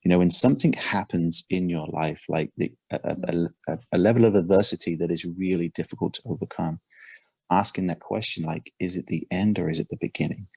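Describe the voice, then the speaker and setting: Brief: male coach, low husky voice, dry close sound, earnest and halting. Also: no echo. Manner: earnest, repeats words and restarts often. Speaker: performance coach. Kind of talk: casual podcast conversation.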